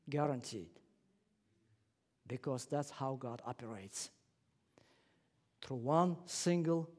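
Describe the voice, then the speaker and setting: A male guest preacher delivers a sermon in a church sanctuary. His voice sits a touch higher than most men's, and he leans hard on repeated assurances. His English has small slips, with dropped articles, like someone speaking a second language. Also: mellow. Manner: emphatic, repeats guarantees; non-native phrasing, drops articles.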